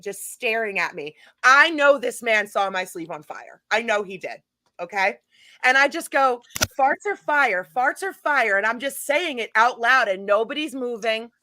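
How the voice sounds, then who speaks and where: A middle-aged woman, a guest on a paranormal talk show, telling a lively anecdote in casual chat. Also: fairly high pitch, no echo. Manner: animated, chatty anecdote-telling with laughs. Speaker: guest, paranormal event organizer.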